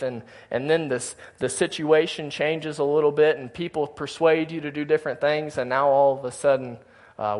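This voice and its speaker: A man's voice: a little high, normal speed, few pauses. A male pastor preaching a sermon in a church, earnestly speaking to his congregation and reading scripture aloud. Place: church sanctuary.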